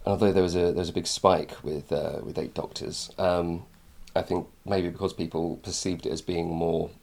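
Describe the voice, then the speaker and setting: Very deep-voiced man, rambling chat. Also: little pitch movement, normal speed, gravelly, darkish tone. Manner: rambling, many fillers and restarts, wry anecdotes. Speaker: former book range editor. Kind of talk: casual conversation.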